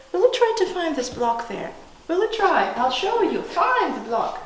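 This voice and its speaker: A Russian-accented woman teacher with a high voice talks slowly and patiently, drawing out syllables in a sing-song chant. She is recorded in a very echoey classroom with some noise in the background. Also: very animated. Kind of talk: classroom demonstration lesson.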